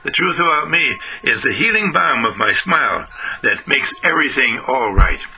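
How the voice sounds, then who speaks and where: Lively, bright-voiced man giving an uplifting radio talk. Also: medium pitch, normal speed, soft background music, rough recording. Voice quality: animated, sing-song emphatic delivery. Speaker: spiritual speaker.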